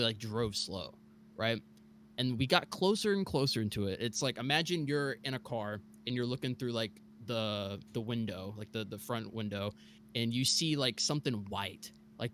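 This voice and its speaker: A young man from Mississippi telling a scary true story on a podcast, animated and full of fillers. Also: mid-range voice, slight background noise. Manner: animated, many fillers like "like" and "bro". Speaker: guest storyteller.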